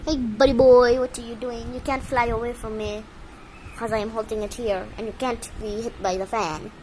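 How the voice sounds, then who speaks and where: A woman with a slightly high, somewhat mellow voice talks to her pet bird at normal speed, with little pitch movement, cooing and scolding it in baby talk. She records this casual vlog on a handheld phone at home while a fan runs. The audio is poor, with slight background noise.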